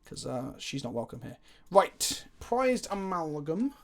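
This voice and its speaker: A man's voice: a little high, sing-song, unhurried. A man streaming a card game live, chatting casually, swearing freely and answering viewers' chat as he plays.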